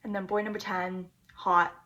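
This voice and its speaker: A woman's voice: medium pitch, level tone, moderate pace, sharp tone. A woman recapping her dating life in a casual vlog, chatty and flippant, poking fun at herself. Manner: chatty, flippant, self-mocking.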